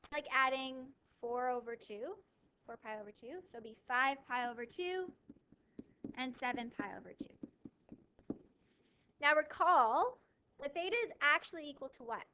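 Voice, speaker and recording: A woman teaching a math class, lively, asking questions and answering them herself, with a touch of dry sarcasm. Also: sits high, moderate pace, long pauses, muffled recording, slight background noise. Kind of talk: classroom lecture.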